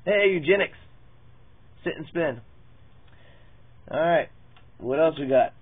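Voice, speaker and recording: A man rambles through a parody Bible reading, swearing and losing his place as he goes. His voice is husky and a little high. The sound is tinny and lo-fi, like a phone line. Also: slow pace. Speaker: mock preacher.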